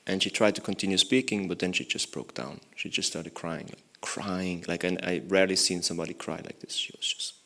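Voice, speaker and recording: A man's voice: low voice, fairly quick, hardly any pauses, a bit bright. A young man, a monk, giving a morning lecture in a temple, telling a story in a loose, conversational way with many "you know"s. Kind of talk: storytelling sermon.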